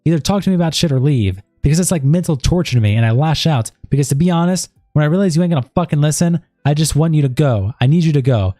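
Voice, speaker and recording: A man's voice: a little high, lively intonation, quick pace, hardly any pauses, dark tone, dry recording, clean studio sound, faint music behind. A man on a stream, reading a chat log aloud and breaking in with asides of disbelief.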